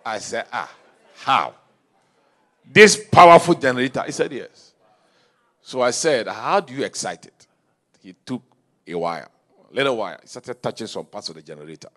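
A male pastor preaching a sermon in a church, telling stories and swinging from quiet asides to shouted calls. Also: medium pitch, expressive, moderate pace, long pauses.

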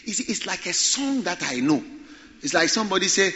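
Male preacher, bright forceful tone, slightly high pitch; muffled recording with faint noise. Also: quick pace. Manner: animated, repeats phrases for emphasis. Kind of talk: sermon.

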